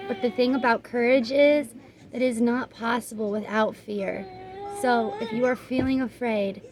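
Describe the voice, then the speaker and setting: Tarot reader, woman; calm earnest read-aloud of card meanings, slightly high voice. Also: low-quality recording. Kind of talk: reading aloud from oracle card guidebook.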